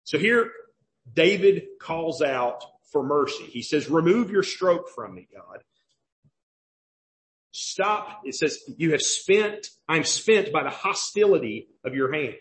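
Emphatic high-voiced Southern preacher. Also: male voice, big pitch swings, slow pace, fairly bright tone. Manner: questioning, emphatic, repeats key phrases. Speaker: pastor. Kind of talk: sermon.

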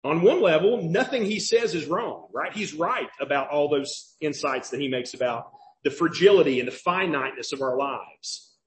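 Emphatic high-voiced Southern preacher. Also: male voice, animated, moderate pace. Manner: questioning, emphatic, repeats key phrases. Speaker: pastor. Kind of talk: sermon.

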